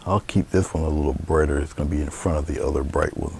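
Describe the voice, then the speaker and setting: A man teaching painting in a relaxed, chatty way, talking through his brushwork as he paints live. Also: rumbling low, fast, vocal fry, few pauses, a little hiss or hum. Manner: relaxed, chatty, thinking aloud. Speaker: painting instructor.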